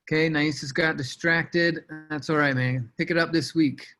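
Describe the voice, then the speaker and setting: Energetic man coaching on a team call. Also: on the high side, moderate pace, faint music behind, low-quality recording. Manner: energetic, casual, shouts out names. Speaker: sales team leader.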